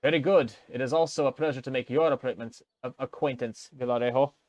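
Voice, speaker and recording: A man voicing a friendly, portly male quartermaster in a rough attempt at an Italian accent, jovial and teasing. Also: medium pitch, quick pace, darkish tone, no echo, lo-fi sound, lightly acted. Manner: jovial, teasing, a little smug.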